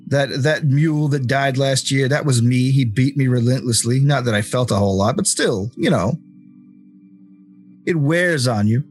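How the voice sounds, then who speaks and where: A man's voice: mid-range voice, a little slow, pauses often, darkish tone, soft background music, close to an everyday voice. A man voicing a crude, resentful male imp who rambles in a chatty way. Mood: aggrieved.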